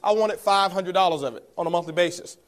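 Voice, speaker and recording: A man's voice: high-pitched, quick pace. A man giving a motivational talk, telling his story to the audience, calling them guys and chuckling as he goes. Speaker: network marketing speaker.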